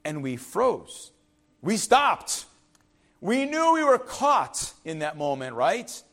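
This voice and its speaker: A man preaching a sermon as pastor, emphatic and repetitive, with frequent "right?" asides and shifts between loud declarations and quiet confiding remarks. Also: high-pitched, huge pitch swings, takes it slowly.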